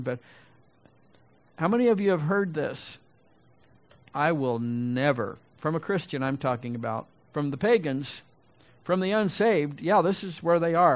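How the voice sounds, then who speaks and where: A man with a slightly higher voice preaches a sermon to his congregation. He swings from loud, ringing emphasis down to quiet, low asides. He often restarts his sentences and talks to the room in a conversational way. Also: expressive, a little slow. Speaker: pastor.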